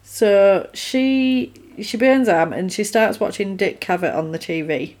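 A woman, recapping a film in casual chat and acting out the characters' lines. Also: medium pitch. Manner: animated, acts out characters' lines in quick quotes. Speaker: film podcast co-host.

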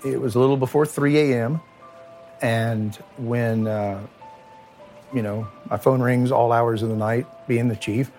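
A middle-aged man, a former police chief, recounting a night in a halting, emotional way with many repeated words. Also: medium pitch, steady tone, a little mellow, faint music behind.

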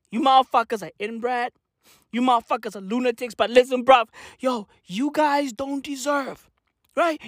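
A South African woman rants in a quick comic vlog voice, cursing freely and calling out to "bruh" and "fam". Her voice sits high and swings widely up and down. The sound is dry with no room echo. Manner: animated, swears constantly, slangy with "bruh" and "fam". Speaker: vlogger. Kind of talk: profane comic rant.

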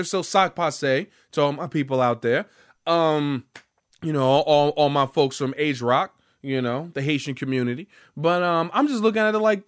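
A man's voice: high voice, fairly bright tone. A young man ranting casually as a gaming vlogger, rambling and profane.

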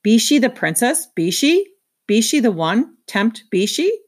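A woman reading aloud, voicing an awed, humble giant cockroach that speaks in odd, halting grammar. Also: on the high side, sing-song, pitched above the performer's own voice.

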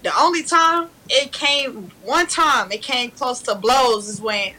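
In a casual chat, a young woman with a high voice tells a story slowly, laughing and animated as she loudly acts out what other people said. The audio quality is poor.

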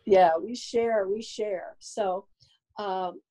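An older woman from New Jersey, a psychic guest telling stories in a chatty, animated way. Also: mid-range voice, very slow, low-quality recording. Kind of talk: casual interview storytelling.

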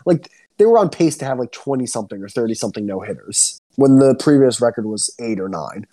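A young man co-hosting a podcast, ranting excitedly and swearing a lot in casual chat. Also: fairly quick. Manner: excitable ranting, heavy swearing, swings up high when worked up. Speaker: podcast co-host.

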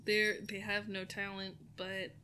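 Bright-voiced woman co-host. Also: medium pitch, a little slow, smooth. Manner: relaxed, hesitant with fillers. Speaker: podcast co-host. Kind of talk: casual rewatch chat.

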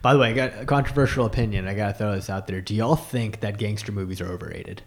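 A man co-hosting a casual podcast chat, excitable and slangy, laughing often. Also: lowish voice, quick pace. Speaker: podcast co-host.

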